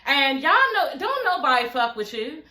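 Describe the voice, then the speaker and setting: A woman in her forties giving blunt, profane, animated commentary in a casual vlog, often laughing as she talks. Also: high-pitched, normal speed. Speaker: reality TV reviewer. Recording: roomy echo.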